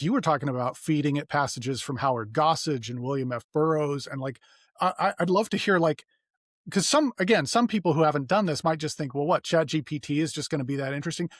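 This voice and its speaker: A man's voice: on the high side, no echo, clean studio sound. A man hosting a podcast interview, talking loosely with fillers and asking long, rambling questions. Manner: conversational, loose and full of fillers, asks long framing questions. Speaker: podcast host. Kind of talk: casual interview chat.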